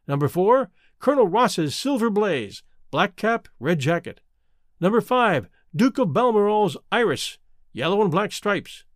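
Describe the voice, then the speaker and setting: A man narrating a classic story aloud, expressive and lively, with a fairly high voice that moves a lot. The recording is close and dry, with no room sound. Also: unhurried, dry recording. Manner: expressive, voices each character. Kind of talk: storybook reading.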